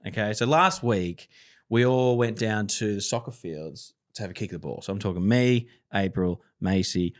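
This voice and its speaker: A man, co-hosting a podcast and telling stories in a relaxed, sweary way. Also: fairly low pitch, normal speed. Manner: laid-back storyteller, swears freely. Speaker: podcast co-host. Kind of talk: casual banter.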